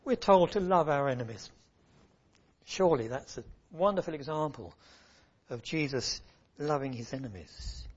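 A man's voice: a little high, expressive, normal speed, husky. A man preaching an earnest sermon, swelling and dropping his voice for emphasis. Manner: earnest, rising and falling emphasis. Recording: muffled lo-fi recording.

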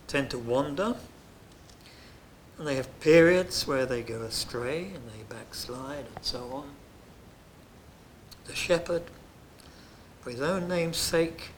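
A man preaching a sermon in an earnest way, dropping to soft, hushed phrases and then rising to loud, emphatic lines. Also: on the high side, a little hiss or hum.

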